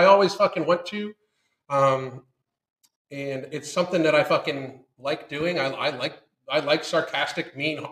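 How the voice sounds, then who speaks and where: A man's voice: on the high side, fairly bright tone, reverberant, rough recording. A man hosting a live stream, ranting bluntly and swearing heavily while answering viewer questions. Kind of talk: casual profane live chat.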